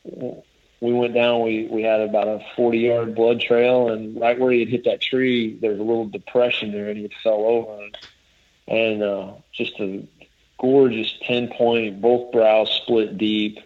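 A man's voice: lowish voice, level tone, unhurried. A man casually telling a long story as a guest, rambling and restarting as he quotes others. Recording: dull lo-fi audio.

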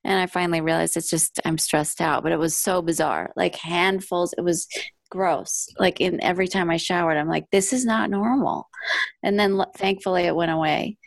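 A woman's voice: on the low side, fairly even intonation, fairly quick, vocal fry, dry recording, clean studio sound. A young woman co-hosting a podcast in casual chat, laughing along and reacting. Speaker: podcast co-host.

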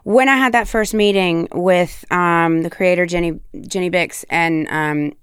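A woman's voice: lowish voice, measured pace, clear, resonant tone, no echo, clean studio sound. A woman from the American South, an actress chatting candidly on a podcast, casual and given to swearing. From Tennessee, US South. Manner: chatty and candid, swears freely, demonstrates accents. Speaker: actress guest.

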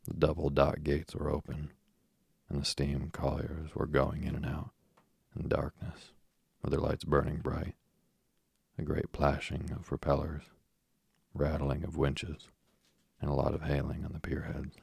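Very deep, gravelly male narrator. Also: completely flat delivery, unhurried, a little mellow, no room sound, studio quality. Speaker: audiobook narrator. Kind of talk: first-person literary narration.

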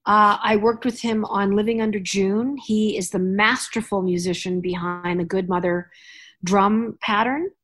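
A woman's voice: medium pitch, steady tone, unhurried, fairly bright tone. A woman hosting a podcast, chatting casually and rambling with frequent restarts. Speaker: podcast host. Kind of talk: casual chat.

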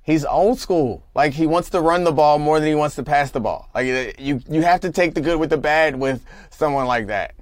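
A man co-hosting a sports podcast in casual chat, laid-back and halting, often restarting his sentences. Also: a little high, no echo, clean studio sound. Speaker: podcast co-host.

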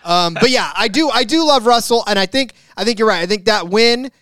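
A man's voice: sits high, expressive, fairly quick, a bit bright, no room sound, clean studio sound. A man co-hosting a sports betting podcast in casual chat, rambling and joking, often restarting his sentences. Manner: rambling, self-correcting, jokey. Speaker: podcast co-host.

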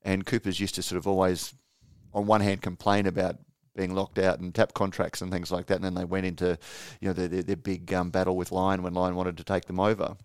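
A man with a low, smooth voice co-hosting a podcast, thinking aloud and tripping over his words. The sound is close and dry, with no room echo. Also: monotone. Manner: halting, many restarts and fillers. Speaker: podcast co-host. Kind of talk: casual podcast chat.

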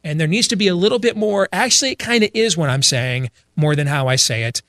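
A middle-aged man delivering opinionated religious commentary, blunt and emphatic, who often restarts and repeats himself. His voice sits a bit high for a man. The sound is dry and close. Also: expressive, fast talker, fairly bright tone, no echo. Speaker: speaker addressing an audience.

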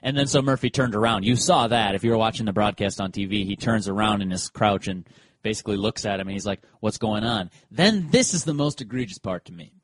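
In a casual sports podcast chat, a male co-host spins animated stories, acting out the quotes of players and umpires. His voice is fairly low and his pace quick, with no room sound.

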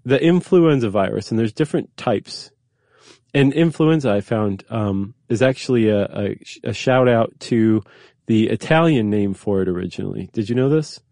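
A man's voice: on the low side, moderate pace, dark tone, no echo, studio quality. A man hosting a podcast, explaining facts in casual chat with fillers and restarts. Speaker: podcast host.

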